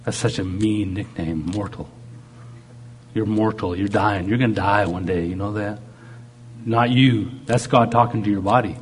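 A man's voice: fairly low pitch, steady tone, moderate pace, a little hiss or hum. A man preaching a sermon. He talks animatedly and acts out God speaking in short quoted lines. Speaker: pastor.

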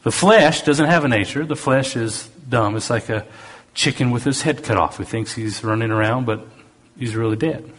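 A middle-aged to older man preaching a sermon with a Southern US accent mixed with Canadian, reading scripture with loud emphasis and dropping into quick, soft asides. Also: mid-range voice.

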